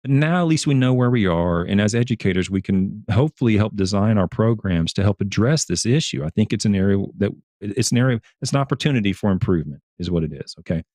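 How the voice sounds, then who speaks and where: A man who is a turf scientist, talking as a guest on a casual livestream, earnest and animated, often repeating and restarting his words. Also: fairly low pitch, fast talker, few pauses, dry recording. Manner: animated storyteller.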